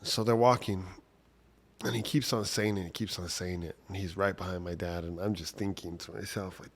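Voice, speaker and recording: A man's voice: low-pitched, fairly even intonation, moderate pace. A man casually telling a personal story from childhood, talking conversationally with lots of "like" and "right?".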